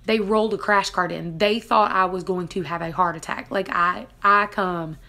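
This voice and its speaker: A woman's voice: fairly low pitch, fairly even intonation, normal speed, pushed and bright. A woman vlogger casually retelling a dramatic personal story, laughing now and then between lines. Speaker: family homestead vlogger.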